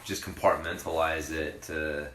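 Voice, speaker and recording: A man's voice: a bass voice, level tone, measured pace, fairly bright tone, echoey room, slight background noise. A man co-hosting a podcast, chatting in a laid-back, agreeable way and swearing casually. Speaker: podcast co-host. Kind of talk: casual chat.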